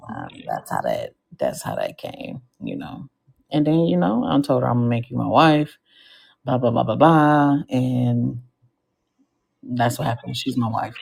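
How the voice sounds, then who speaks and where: A woman hosting a live podcast show, telling stories in an animated, slangy way with comic asides to the audience. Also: a bass voice, a little slow, gravelly, slightly rough. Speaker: podcast host.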